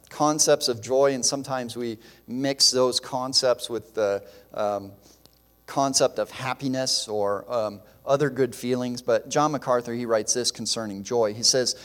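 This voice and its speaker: A man preaching a sermon in an earnest, emphatic way, with fillers and restarts. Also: mid-range voice. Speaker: pastor. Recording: long hall reverb.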